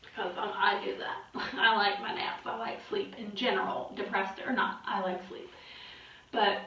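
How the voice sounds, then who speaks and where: A woman's voice: medium pitch, a bit bright. A young adult woman talking candidly in a personal vlog, weary and exhausted, rambling and swearing. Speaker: vlogger. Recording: very echoey, distant, muffled.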